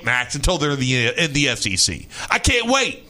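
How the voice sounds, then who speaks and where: A young man from Kentucky co-hosting a sports talk radio show, ranting and excitable, quick to shout. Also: on the high side.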